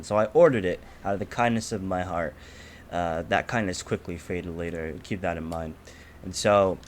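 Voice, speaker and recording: A teenage man telling a story on a podcast in casual chat, swearing a lot and acting out the people in it loudly. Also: low voice, fairly quick, a little hiss or hum. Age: teens. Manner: animated, profane, acts out quotes loudly. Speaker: podcast co-host.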